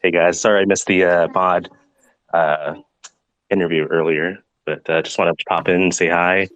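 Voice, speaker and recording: A moderator who calls himself a jokester, upbeat and full of fillers. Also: male voice, low voice, steady tone, normal speed, fairly bright tone, dry recording, low-quality recording. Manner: jokey, upbeat, many fillers. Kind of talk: casual chat.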